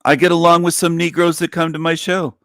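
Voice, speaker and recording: A man's voice: fairly high pitch, little pitch movement, fairly quick, a bit bright, no room sound, studio quality. A man hosting an online show in a mocking livestream monologue, with a repetitive, taunting, sing-song delivery.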